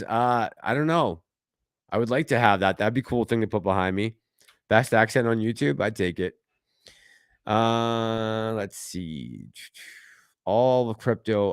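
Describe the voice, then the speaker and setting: A man's voice: fairly low pitch, clear, resonant tone, no echo, studio quality. A man hosting a casual livestream, reading viewer comments aloud and reacting to them in a chatty way. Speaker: livestream host reading chat.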